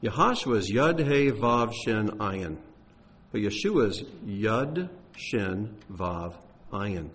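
A man's voice: fairly low pitch, very animated, takes it slowly, fairly bright tone. A man teaching on Bible texts, explaining in a conversational way with occasional fillers.

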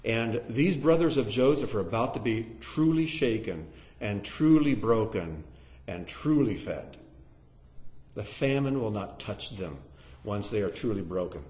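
A man's voice: fairly low pitch, a little slow. A man teaching a Bible lesson to a live audience in sermon style, putting questions to the listeners. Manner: animated, asks the audience questions. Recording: echoey room.

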